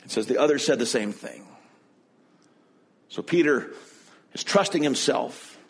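A man's voice: mid-range voice, expressive, unhurried, creaky. A male pastor preaching a sermon in a conversational way, retelling and explaining the passage with frequent restarts and self-corrections.

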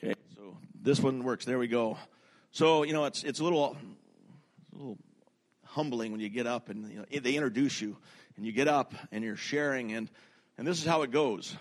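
A man preaching a sermon from the front of a church, speaking into a handheld microphone. His tone is relaxed and conversational, and he pokes fun at himself as he goes. His voice sits at an ordinary middle pitch for a man. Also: brisk. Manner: conversational and chatty with self-deprecating humor. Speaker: pastor. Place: church sanctuary.

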